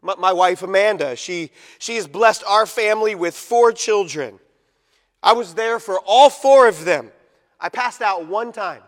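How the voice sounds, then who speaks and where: A man preaching a sermon as pastor, emphatic, swinging from loud to hushed and drawing words out for stress, in a church sanctuary. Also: sits high, unhurried. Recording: long reverb of a large hall.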